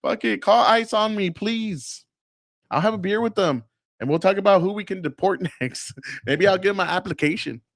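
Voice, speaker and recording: A man's voice: high-pitched, expressive, normal speed, gravelly, dry recording, studio quality. An American man hosting a live stream with blunt, profane political commentary, laughing often. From United States.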